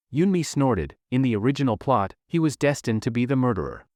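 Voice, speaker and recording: A man's voice: medium pitch, sing-song, a little fast, few pauses, a little mellow, no room sound, clean studio sound. A man narrating a recap of a web comic in a dramatic storytelling manner.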